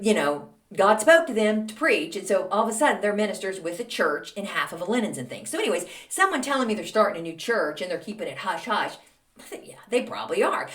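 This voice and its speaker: A woman hosting a podcast, telling a long story in a chatty, animated way with lots of fillers and acted-out dialogue. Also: medium pitch. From Texas. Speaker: podcast host. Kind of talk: casual storytelling monologue. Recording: roomy, a little distant from the mic.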